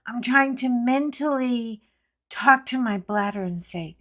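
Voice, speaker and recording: Female host, unhurried casual storyteller, chatty and playful. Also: fairly high pitch, fairly bright tone. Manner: chatty, rambling, playful asides to viewers.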